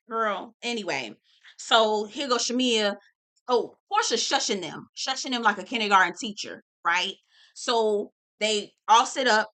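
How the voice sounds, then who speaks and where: A woman hosting a casual reality TV recap, sassy and profane, telling the story with animated asides. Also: mid-range voice.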